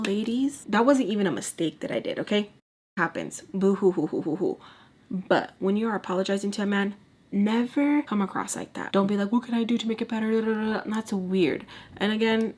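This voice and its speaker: A woman's voice: medium pitch, a little mellow. A young woman in her twenties telling a candid story in casual storytime style, mixing in Spanish words and acting out quoted lines. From Texas. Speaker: storytime vlogger. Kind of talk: casual storytime while doing makeup.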